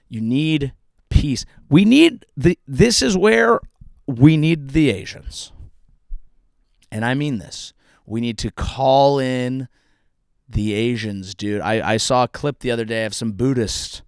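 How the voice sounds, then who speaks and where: A man hosting a comedy podcast who delivers a profane, comedic rant and now and then jumps up into shrill yelling. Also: no room sound, clean studio sound.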